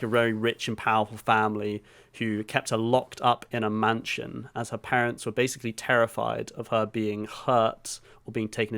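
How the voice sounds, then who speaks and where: A man in a middle-pitched voice explains things at length on a podcast. He keeps a steady, casual flow, with the odd "um" and a swear word. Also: gravelly. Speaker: podcast co-host.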